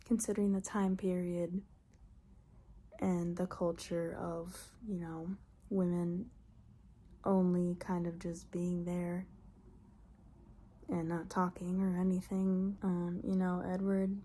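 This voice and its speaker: A young woman vlogger casually recapping a novel in a chatty, exasperated, animated way. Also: fairly low pitch, slow pace, pauses often, slight background noise. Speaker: book vlogger.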